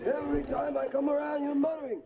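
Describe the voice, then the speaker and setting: A man's voice: extremely high pitch, flat delivery, quick pace, over a noisy crowd. An actor playing a vain old man who complains indignantly. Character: vain old man, proud of his hair. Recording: sitcom audio with loud studio audience laughter.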